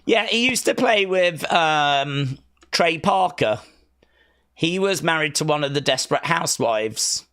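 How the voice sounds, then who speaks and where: A man hosting a live wrestling watch-along, answering chat with jokey, sarcastic teasing and sudden loud outbursts. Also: a little high, lively intonation, measured pace, clear, resonant tone. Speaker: live stream host.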